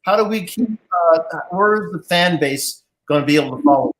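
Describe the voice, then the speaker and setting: Speaking fairly fast in a voice that's rather high for a man, this live interview show host keeps things playful and lively with a jovial, teasing manner.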